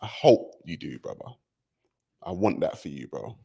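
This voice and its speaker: A man's voice: deep voice, very animated, normal speed, creaky, dark tone, breathy edge. A man hosting a casual podcast chat, earnest with a teasing streak and an emphatic delivery. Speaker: podcast host.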